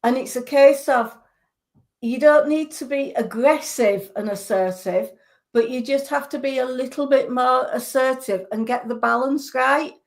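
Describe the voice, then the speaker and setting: A woman clairvoyant giving psychic readings on a radio show, earnest and reassuring, with hesitant pauses. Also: high voice.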